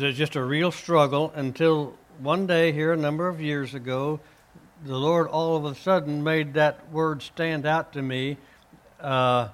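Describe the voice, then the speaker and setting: Earnest man giving halting faith testimony. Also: a little high, a bit bright. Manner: earnest, halting, many uh fillers and restarts. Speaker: guest, author and minister.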